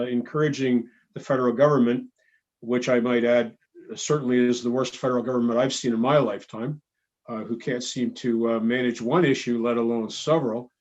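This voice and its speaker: A Canadian man speaks at a council meeting in a mid-range voice, halting and blunt, full of restarts. The audio is dull and lo-fi. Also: medium pitch, darkish tone. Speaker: city councillor.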